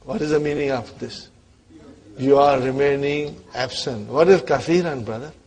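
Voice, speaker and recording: A man teaching an Arabic grammar class, coaxing his students and checking in with them often, his voice dropping away quietly at the ends of phrases. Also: medium pitch, normal speed.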